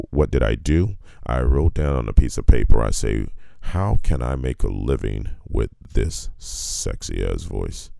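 A man with a cavernously low bass voice full of gravel and fry. His tone is dark and mellow, and his delivery is laid-back and colloquial, stretching words for emphasis. The sound is dry and close. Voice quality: very deep bass voice. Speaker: guest. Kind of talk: casual motivational storytelling.

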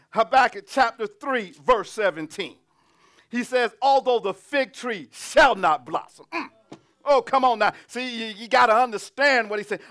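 A man preaching a sermon, reading scripture and building to shouted, humming, laughing exclamations. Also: very high voice.

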